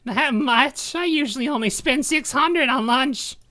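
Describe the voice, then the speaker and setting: A man's voice: very high voice, a little slow, pushed and bright, pitched above the performer's own voice, exaggerated voice. A man voicing a stingy, nerdy young girl customer in a nasal, pinched tone while reading game dialogue aloud. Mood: whiny. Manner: whiny complaining about prices.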